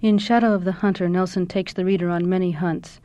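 A woman's voice: on the low side, fairly even intonation, a little fast, mellow, no room sound. A woman hosting a radio program, reading formal scripted introductions and sign-offs.

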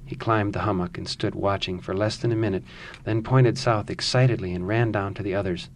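A man, an author, speaking thoughtfully about his writing and reading his own novel aloud in a measured way. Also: on the low side, fairly even intonation, a little hiss or hum.

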